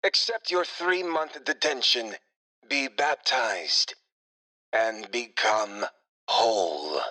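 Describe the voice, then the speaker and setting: A man voicing a calm, squeaky male interrogator in an audio story, talking in a slow, clipped official tone. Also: rough recording. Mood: cold, calm. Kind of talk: audiobook character voice.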